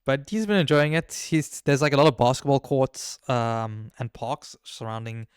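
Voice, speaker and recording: A man's voice: mid-range voice, moderate pace, smooth, no room sound, studio quality. A man co-hosting a podcast in casual chat, telling stories in a rambling, hesitant way. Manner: rambling, hesitant, lots of fillers and restarts. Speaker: podcast co-host.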